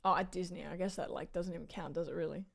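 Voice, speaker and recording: A woman's voice: lowish voice, fairly even intonation, fast talker, creaky. Chatty Australian woman rambling to viewers. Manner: chatty and rambling, with frequent "like" fillers and self-corrections. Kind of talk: casual chat.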